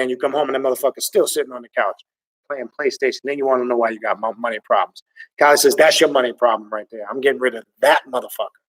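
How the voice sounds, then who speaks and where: Guy ranting on a livestream, swearing a lot, gets animated, voice kinda high and a little far from the mic. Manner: excitable, animated and profane. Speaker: occult channel host reading viewer comments. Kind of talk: livestream commentary rant.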